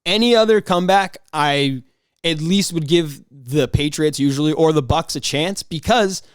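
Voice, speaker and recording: Solo podcast host, a man with a higher voice, rambling and excitable, dry sound. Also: normal speed, smooth, dry recording. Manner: rambling and excitable, frequent restarts and mock outrage.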